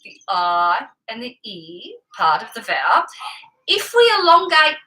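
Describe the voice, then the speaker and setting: A woman teaching singing, with a bright, ringing tone and a voice set a little high. She walks through vocal technique patiently and clearly, step by step. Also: wildly swooping pitch, unhurried, rough recording. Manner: explains clearly and patiently, with sung examples. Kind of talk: vocal lesson with sung demonstrations.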